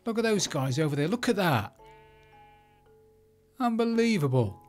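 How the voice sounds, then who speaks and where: A man's voice: on the high side, very animated, fast talker, soft background music. Chatty Englishman narrating his game build. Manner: chatty, thinks aloud while building. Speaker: Minecraft let's play creator. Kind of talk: casual gameplay commentary.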